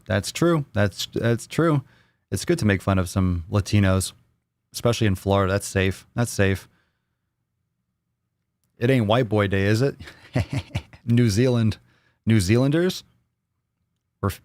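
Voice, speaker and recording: A man with an American accent chats loosely through a live Q&A, restarting sentences and tossing jokes at his audience. His voice sits a bit low, recorded close and dry with no room sound. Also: darkish tone, no room sound. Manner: rambling, repeats himself, joking banter with chat. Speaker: livestream host. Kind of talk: casual live Q&A chat.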